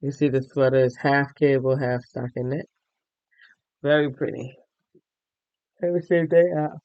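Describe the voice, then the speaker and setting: A tired, yawning man hosting a crochet and knitting podcast, chatting casually as he shows his items to viewers and thinks out loud. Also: medium pitch, fairly even intonation, moderate pace, clear, resonant tone, dry recording, highs cut off. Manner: chatty, thinks aloud, addresses viewers directly. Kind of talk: casual show-and-tell chat.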